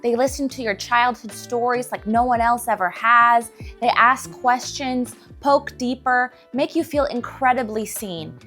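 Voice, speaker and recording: Young woman with a high voice, chatty and animated, acting out other people, faint music under her. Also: a little slow, hardly any pauses. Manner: animated, acts out quoted voices. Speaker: relationship advice vlogger. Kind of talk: casual storytelling to camera.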